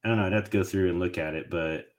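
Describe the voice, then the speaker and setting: A man hosting a podcast, rambling and thinking out loud in a casual sports chat. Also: deep voice, racing. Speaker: podcast host.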